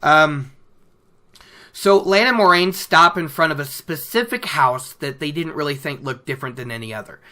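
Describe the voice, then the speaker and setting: A podcast host recapping a book chapter in casual chat, animated and laughing often. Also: mid-range voice, moderate pace.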